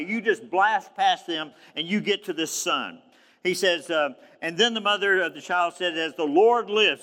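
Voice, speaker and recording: A man's voice: sits high, sharp tone, long reverb tail. A man preaching a sermon, reading scripture and retelling it in a conversational, emphatic way. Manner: conversational, emphatic, acts out quoted speech.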